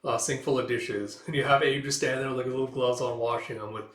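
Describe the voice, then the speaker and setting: A man's voice: medium pitch, fairly even intonation, quick pace, fairly bright tone, echoey room. A man reading through a comic book aloud in a casual, loose way, paraphrasing the dialogue with fillers.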